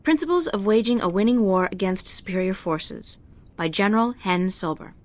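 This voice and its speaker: A woman's voice: mid-range voice, expressive, moderate pace, lightly acted. April, a woman voicing a wry game heroine. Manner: dry, wry remarks on what she sees. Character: young female adventure-game heroine, wry and curious. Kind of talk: video game voice acting.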